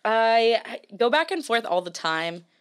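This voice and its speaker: A woman's voice: fairly high pitch, very animated, measured pace, clean tone. A young American woman from Nashville, a guest musician, chatting casually and laughing easily on a podcast. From Nashville, USA.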